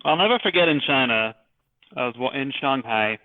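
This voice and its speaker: A male podcast guest in casual chat, talking haltingly with many restarts and crude swearing. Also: medium pitch, lively intonation, no echo. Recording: dry, phone-like call audio.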